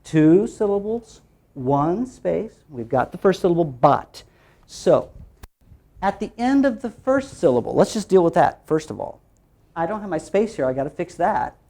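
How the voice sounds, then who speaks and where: A man training teachers in a phonics workshop, lively and quick to jump in pitch, asking questions and answering them himself as he chants through repeated steps.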